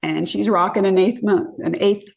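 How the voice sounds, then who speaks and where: A woman from California telling a story on a podcast in a casual, animated way, acting out what people said and swearing when she relives the moment. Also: medium pitch, moderate pace, gravelly. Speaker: guest storyteller.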